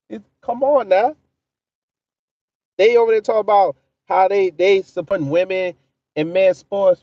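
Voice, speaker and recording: A livestream commentary host with a high, mellow voice swears and mocks as he responds to his chat in a casual stream. The audio is dry and muffled.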